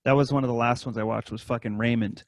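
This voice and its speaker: A man's voice: fairly even intonation, fast, no echo. Swearing man, dry close sound. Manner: rambling, heavy swearing, mimics scammers in high voices. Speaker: podcast co-host. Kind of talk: casual profane chat.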